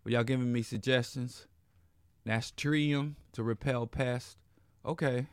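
Sex: man. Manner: hoarse, laid-back radio host. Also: mid-range voice, steady tone, a little slow, no echo, studio quality. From Chicago, Illinois. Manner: laid-back, rambling, casual slang. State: hoarse, losing his voice. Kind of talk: live radio talk monologue. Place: radio studio.

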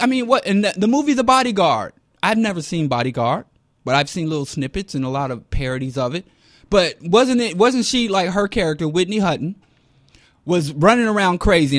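High-voiced animated man, dry close mic. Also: no echo. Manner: animated, swings between loud and muttered. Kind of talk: casual monologue.

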